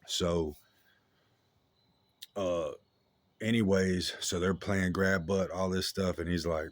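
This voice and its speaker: A man with a very deep voice talks straight into a dry, close microphone. His story comes out casual and slangy, full of restarts and fillers. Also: steady tone, slow pace, long pauses, dry recording.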